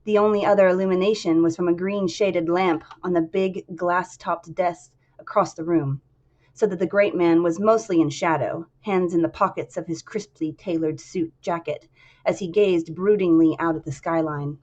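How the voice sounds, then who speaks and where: A woman streamer reading a novel aloud, talking softly and quietly with casual fillers. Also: lowish voice, steady tone, moderate pace, highs cut off.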